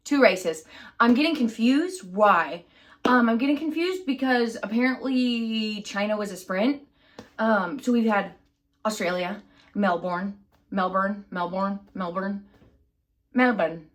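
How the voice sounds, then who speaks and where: A woman vlogger talking straight to camera in a loose, rambling way, full of asides and restarts. Her voice sits at a middle pitch, and she keeps laughing off her own confusion. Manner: scattered and self-deprecating, many fillers and restarts. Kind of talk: rambling casual chat to camera.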